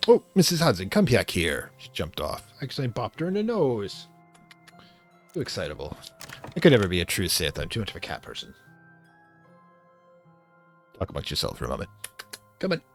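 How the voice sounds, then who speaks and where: A male let's-play host talking over his gameplay in a casual, joking way. His voice swings up and down in pitch as he hams up mock-villain moments. Faint music plays behind him. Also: huge pitch swings, a little fast, long pauses. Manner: playful, slips into mock-villain theatrics.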